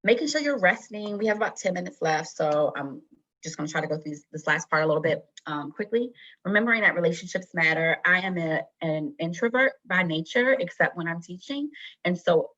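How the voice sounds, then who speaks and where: A low-voiced woman leads an online wellness workshop. She talks casually and reassuringly, full of fillers. Her computer mic sounds a bit dull. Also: expressive, fairly quick, a bit bright. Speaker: teacher running a wellness workshop. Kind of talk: online presentation.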